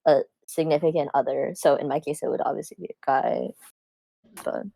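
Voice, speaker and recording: A woman's voice: sits low, steady tone, normal speed, vocal fry, mellow, dry recording. A young woman chatting casually on a podcast, talking in loose, filler-heavy sentences. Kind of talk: casual group chat.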